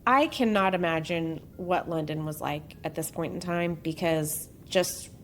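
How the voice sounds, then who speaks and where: Low-voiced and measured, this podcast host has a fairly bright tone, with slight background noise. She reads through a true-crime tale in a relaxed way, pausing now and then for jokey asides.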